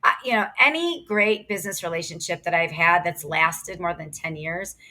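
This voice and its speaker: A woman in her thirties chatting as a podcast guest. Her voice is bright and a bit tense, and her delivery is lively and quick. She gives practical sales tips in an easy, talkative way. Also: lowish voice. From Ohio. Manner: energetic, quick, chatty with laughs. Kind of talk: casual interview chat.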